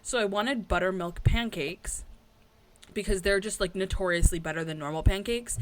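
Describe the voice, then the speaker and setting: A woman's voice: mid-range voice, normal speed, a little hiss or hum. Chatty woman podcast co-host. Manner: chatty, rambling with many fillers. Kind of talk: casual chat.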